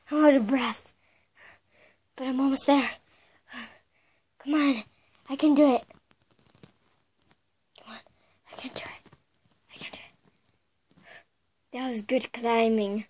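Brief: slow, murmuring little pet hero, voiced by a woman, high and unhurried. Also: darkish tone, slightly rough, no room sound. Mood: determined. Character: small adventurous male pet climbing a mountain. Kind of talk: toy play-acting.

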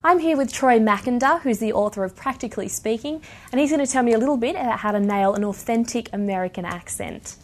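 A woman reporter, asking brisk questions in a news interview and voicing the intro. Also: fairly high pitch, a little mellow.

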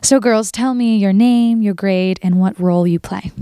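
A woman's voice: medium pitch, normal speed, mellow, clear, resonant tone, dry recording, studio quality. A woman interviewing cast members for a local channel, upbeat and enthusiastic. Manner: enthusiastic, bubbly.

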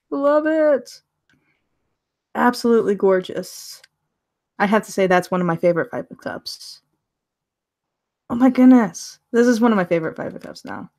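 Woman tarot reader, chatty live-stream deck review, laughs easily, warm enthusiasm. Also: mid-range voice. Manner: chatty, laughs often, gushing over the cards.

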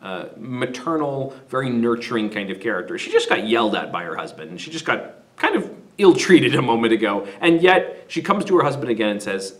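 A man's voice: medium pitch, big pitch swings, fairly quick. A man teaching literature who summarizes the story in a casual, conversational way.

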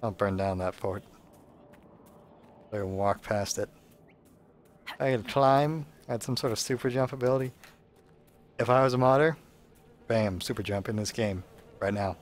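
A man's voice: fairly low pitch, moderate pace, long pauses, slight background noise. A man giving casual, sarcastic, rambling commentary while playing a video game. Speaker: let's play host.

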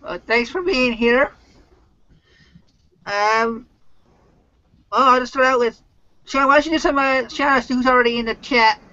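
A man with an unusually high, bright voice hosts a live-stream interview, asking plain, direct questions. He is heard through a computer mic on an online call, with dry, somewhat muffled sound. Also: normal speed, pauses often. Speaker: host.

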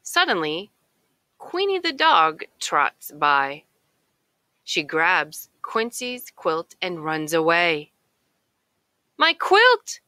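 A woman reading a children's picture book aloud in a slow, expressive storytelling way. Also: deep voice, no echo. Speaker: narrator.

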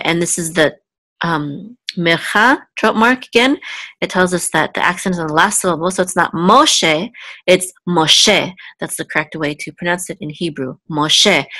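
A woman's voice: on the low side, a bit bright, no echo. A woman teaching a live online Hebrew lesson, going word by word and checking in with "okay?". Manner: patient, repeats words, checks in with "okay?". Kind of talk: slow step-by-step language lesson.

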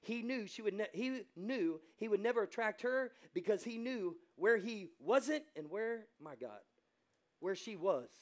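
Here an American male pastor with a high voice delivers a sermon that veers from soft asides to loud, impassioned exclamations. He also acts out the voices of those he quotes.

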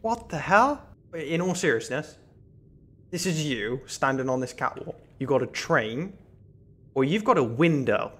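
A man streaming a horror game, excitable and panicky, yelping and laughing at what happens on screen. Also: a little high, a little slow. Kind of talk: live gameplay commentary. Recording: game music loud behind voice.

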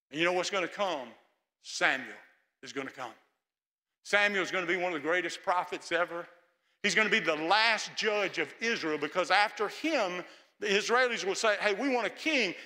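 Older pastor preaching in a reverberant church. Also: male voice, high-pitched. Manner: storytelling, acting out prayers in hushed pleading tones. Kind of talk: sermon. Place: large church sanctuary.

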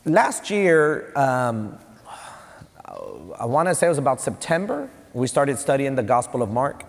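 A man with a Texan accent preaching a sermon as pastor, animated, with emphatic rising peaks. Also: mid-range voice, measured pace. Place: church hall. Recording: long church reverb.

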